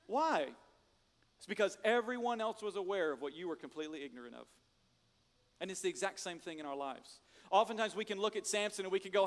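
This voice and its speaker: Animated high-voiced male pastor. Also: quick pace, long reverb tail. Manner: animated storyteller, swings from loud jokes to hushed emphasis. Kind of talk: sermon.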